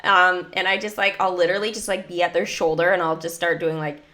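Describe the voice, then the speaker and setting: A woman's voice: lowish voice, flat delivery, fairly quick, pushed and bright. A young woman livestreaming a mobile game, chatting in a bubbly, talkative way with many fillers. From United States. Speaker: gaming livestreamer. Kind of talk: casual livestream chat.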